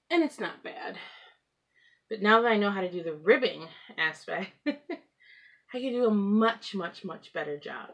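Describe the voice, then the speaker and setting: A woman hosting a home craft podcast, talking casually and rambling, often laughing and clearing her throat. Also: mid-range voice, fairly bright tone. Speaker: knitting podcast host. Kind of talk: casual craft chat to camera. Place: at home with pets.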